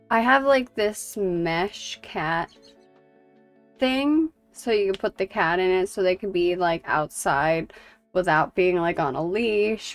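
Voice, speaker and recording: A woman's voice: medium pitch, measured pace, faint music behind. A woman streamer chatting casually while gaming, rambling through stories and laughing easily.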